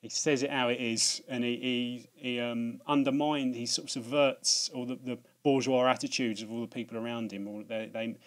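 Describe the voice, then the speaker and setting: A man's voice: medium pitch, little pitch movement, moderate pace, hardly any pauses. British male vlogger, mid-range voice, loose rambling delivery full of false starts. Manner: rambling, many restarts and fillers; laughs at himself, swears casually. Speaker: video host. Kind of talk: casual chat.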